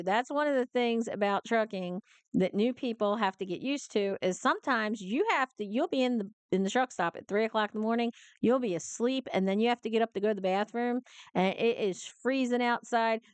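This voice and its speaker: A woman with a New Jersey accent talks through a reaction video as a working truck driver. Her voice comes across very clear and smooth, recorded dry and close with no room sound. She tells her stories in an animated, fired-up way, breaking into laughs. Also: on the high side, no room sound. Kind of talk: casual reaction commentary.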